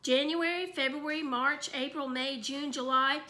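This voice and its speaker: A woman's voice: sits high, fairly even intonation, unhurried, bright, forceful tone. A woman voicing a bratty, show-off little boy in a storybook read-aloud, with a sing-song, childish way of talking. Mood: reciting.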